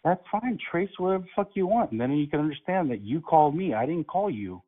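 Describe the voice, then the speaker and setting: Man, prank call, lively mocking tone, husky voice, tinny phone line. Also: a little high, fast talker. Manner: calm, mocking, playing innocent. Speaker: prank caller.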